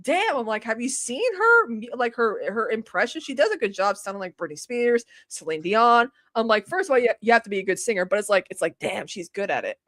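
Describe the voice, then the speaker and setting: A woman's voice: fairly high pitch, very animated, a little fast, hardly any pauses, a bit bright, dry recording, clean studio sound. A woman in her thirties co-hosting a podcast, chatting casually and rambling with lots of restarts. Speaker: podcast co-host. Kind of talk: casual chat.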